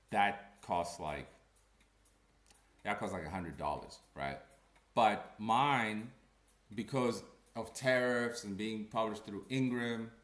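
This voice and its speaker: Blunt ranting man in echoey room. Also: fairly low pitch. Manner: blunt and animated, with slangy asides. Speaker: comic creator and commentator. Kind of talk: casual ranting commentary.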